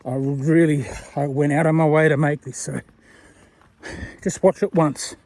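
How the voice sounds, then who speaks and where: A man's voice: a little high, fairly even intonation, unhurried, a little mellow, no room sound. An Australian man talking casually to a viewer while walking outdoors along a road, rambling and self-deprecating. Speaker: vlogger. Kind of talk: casual walking vlog talk.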